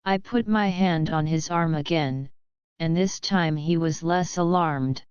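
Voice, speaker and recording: A woman reads a classic story aloud at an unhurried, measured pace. Her voice is low-set and very crisp. The sound is dry and somewhat dull, with no room around it. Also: darkish tone, dry recording. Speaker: audiobook narrator. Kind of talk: scripted narration.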